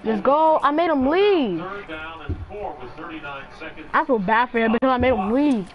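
A high-pitched woman gaming and talking casually over voice chat. She taunts a teammate again and again, breaking into loud yelling outbursts. Her delivery is playful, repetitive and brash. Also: animated, unhurried, muffled recording, a crowd in the background. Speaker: gamer.

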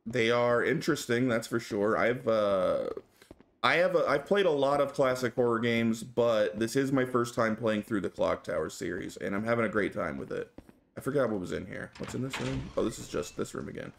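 A man's voice: mid-range voice, normal speed, creaky. A man streaming a horror game live, reacting aloud to the game and chatting with his viewers. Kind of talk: live gameplay commentary. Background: game music.

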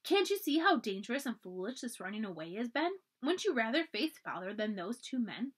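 A woman's voice: a little high, very animated, fairly quick, husky. A woman reading aloud and voicing a brave, spirited colonial girl of about ten who talks urgently and pleads.

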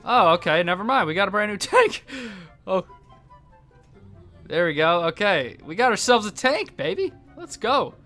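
Lively high-voiced young man gaming. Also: moderate pace, long pauses, soft background music. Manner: excitable, laughing, yelps when surprised. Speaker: gaming YouTuber. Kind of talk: let's play commentary.

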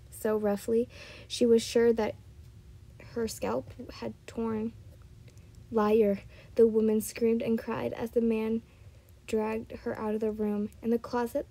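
A woman's voice: fairly high pitch, dark tone, low-quality recording. A woman reading fan fiction aloud, often stumbling and correcting herself. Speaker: storyteller.

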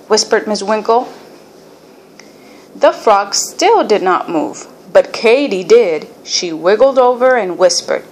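A woman reading a children's picture book aloud in an expressive storybook manner. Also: mid-range voice, slight background noise. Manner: expressive, unhurried. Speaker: storybook reader.

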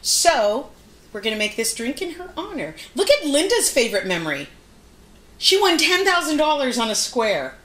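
A woman's voice: sits high, big pitch swings, normal speed, fairly bright tone, echoey room. A woman hosting a live cooking show from her home kitchen, chatting while she explains each step.

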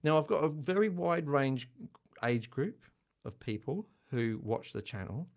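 Older guy chatting on a livestream, gravelly voice, jokes at his own expense, laughs a lot. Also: a little high, lively intonation, a little slow. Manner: chatty, self-deprecating, laughs often. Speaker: channel host. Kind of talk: casual livestream chat.

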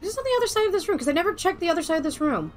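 A woman's voice: very high-pitched, very animated, racing, soft background music. A woman streaming a video game live, chatting casually with her viewers in a playful, theatrical way. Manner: playful, theatrical spooky greetings.

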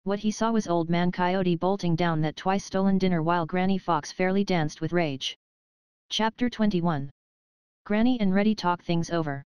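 Clear, low-voiced woman narrating a storybook. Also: dry recording, lo-fi sound. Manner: even, measured reading. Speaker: audiobook narrator.

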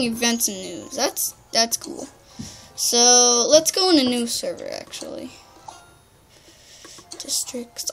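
A woman's voice: on the high side, sharp tone. A young woman giving chatty, rambling let's-play commentary, full of "like". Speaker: gamer.

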